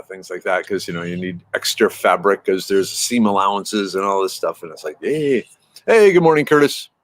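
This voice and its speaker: A man's voice: low-pitched, slight background noise. A man in his fifties hosting a casual live stream, rambling and answering viewers' messages as they come in. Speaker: livestream host chatting with viewers.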